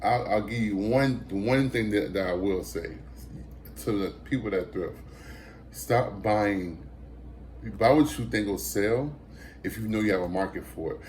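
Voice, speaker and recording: Lowish-voiced man telling a casual story. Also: a little slow, a little hiss or hum. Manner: animated storyteller, acts out quoted voices, many fillers and restarts. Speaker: thrift reseller and vlogger.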